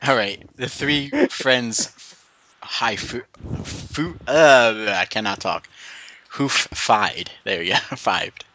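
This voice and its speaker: A man's voice: medium pitch, slow pace, pushed and bright, lo-fi sound, slight background noise. A man reading fanfiction aloud on a voice call, stumbling over words and breaking into laughter. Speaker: reader on a group call. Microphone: computer mic on a voice call.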